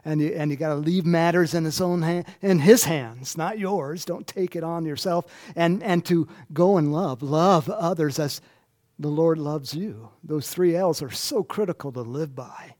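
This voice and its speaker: A man's voice: a little high, a little slow, darkish tone. A man preaching a conversational sermon in a church, chatty and self-deprecating, laughing often. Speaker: pastor.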